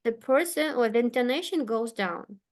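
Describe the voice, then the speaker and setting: A woman teaching an English lesson, speaking patiently and clearly. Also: fairly high pitch, expressive. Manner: patient, slow and clear, with frequent okays. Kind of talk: online one-to-one English lesson.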